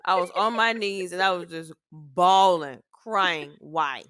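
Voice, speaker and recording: A middle-aged woman co-hosting a family podcast, her voice bright and forceful. She tells animated, profane stories and acts out her own reactions, and the sound is dry and close. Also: lowish voice, takes it slowly, no room sound. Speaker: podcast co-host, mother. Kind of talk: casual family chat.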